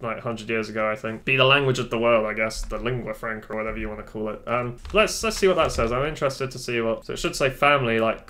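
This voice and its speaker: A man's voice: medium pitch, sharp tone. Chatty man at a desk. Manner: chatty, offhand, self-deprecating asides. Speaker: tech tutorial host. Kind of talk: casual screen-recorded tutorial. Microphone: desk microphone.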